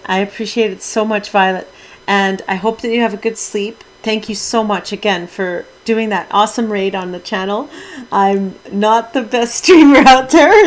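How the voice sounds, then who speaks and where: Here a middle-aged woman streams a video game on Twitch, talking easily with her chat and exclaiming with mild minced oaths as she plays. She speaks on the high side, and the audio quality is poor.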